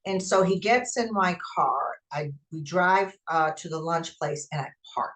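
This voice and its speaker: A woman with a fairly low voice hosts a podcast and tells a personal story. She speaks emphatically and acts out what people said in an animated way. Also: a little slow. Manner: emphatic, animated retelling with acted-out quotes. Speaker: podcast host.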